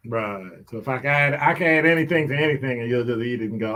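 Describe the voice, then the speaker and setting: A man hosting a call-in talk radio show, delivering a lively monologue with teasing, joking asides. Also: medium pitch, normal speed, long pauses.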